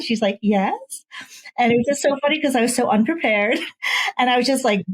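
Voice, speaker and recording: Woman author guest from Ohio, animated storyteller, acts out quotes. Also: fairly high pitch, brisk, low-quality recording. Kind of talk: casual interview storytelling.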